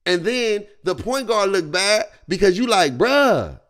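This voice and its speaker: A high-pitched man streams a reaction rant at a measured pace. He's animated and slangy, laughing as he goes.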